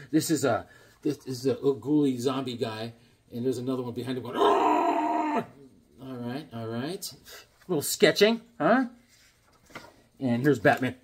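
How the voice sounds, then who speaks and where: Husky easygoing man chatting to camera. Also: medium pitch. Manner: rambling, easygoing, chuckling asides. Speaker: comics collector showing his drawings. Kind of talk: casual chat to camera.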